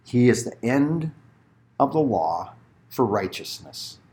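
A man's voice: mid-range voice, slow pace. A middle-aged man preaching a sermon as a pastor, telling stories and acting out little voices. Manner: animated storytelling, acts out voices.

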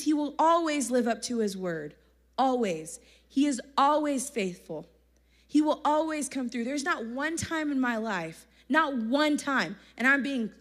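High-voiced young woman preaching casually. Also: a bit bright. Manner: chatty and slangy, laughs often. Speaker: youth conference speaker. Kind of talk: casual energetic sermon. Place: church conference hall, live audience.

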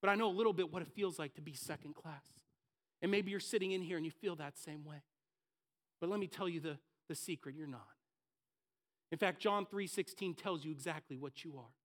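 His voice is a little high and his pace a little quick as he preaches with dynamism from the pulpit. Acting as pastor, he performs his listeners' private thoughts as short quotations.

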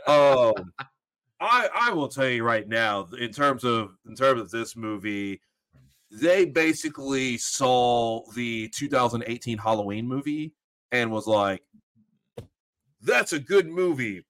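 Slow, dry-spoken male podcast co-host. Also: mid-range voice, lively intonation, a bit bright, dry recording. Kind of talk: casual chat about horror movies.

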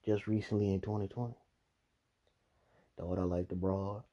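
A man's voice: sits low, fairly even intonation, normal speed, warm tone, lo-fi sound. A man hosting a podcast, telling casual stories full of profanity, frequent laughter and acted-out quotes. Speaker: podcast host. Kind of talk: casual storytelling.

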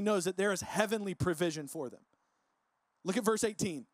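A man preaching a casual, conversational sermon, relaxed and full of filler words. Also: high voice, a little fast, no echo. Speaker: pastor. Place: church service.

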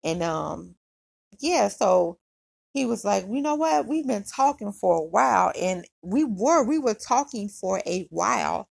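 A woman's voice: mid-range voice, animated, unhurried, vocal fry, slightly rough. A woman hosting a podcast, casually telling a personal story in a chatty, slangy way with lots of "um" and "he was like.". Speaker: podcast host.

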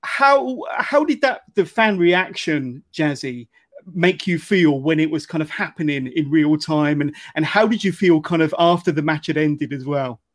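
Guy hosting an interview, voice a bit on the high side, kinda halting and careful. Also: lively intonation. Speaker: interview host. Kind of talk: conversational interview.

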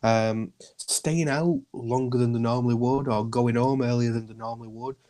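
A man's voice: mid-range voice, steady tone, moderate pace, dark tone. A man, a podcast guest speaking earnestly and reassuringly about looking after each other. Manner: earnest, reassuring, repeats himself. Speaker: guest, community group founder. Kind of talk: podcast interview.

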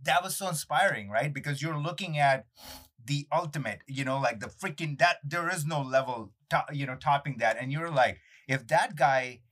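A man in his thirties, a guest chatting casually in an interview, telling animated stories full of fillers and acted-out quotes. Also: fairly high pitch, moderate pace. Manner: animated storyteller, acts out quotes, many fillers.

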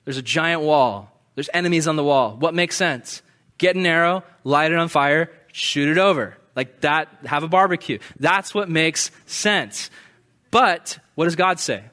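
A male preacher giving a casual, conversational sermon, animated and often acting out the voices of the people he describes. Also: on the high side, a little slow. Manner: animated, acts out quoted voices.

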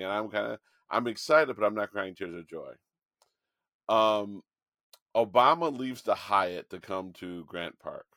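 A man co-hosting a podcast, chatting casually about politics and telling an animated story with frequent restarts. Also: fairly low pitch, no room sound, clean studio sound. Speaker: podcast co-host.

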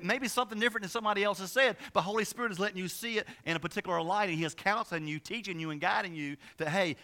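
A man preaching a sermon as pastor, talking in a quick, conversational way with many restarts, jokes and asides. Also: high voice, bright, forceful tone.

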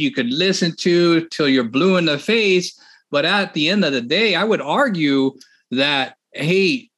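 An energetic male host with a fairly high voice, chatting casually on a podcast. He talks in a lively, friendly way, laughs often and coaches his listeners on real estate. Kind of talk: casual chat.

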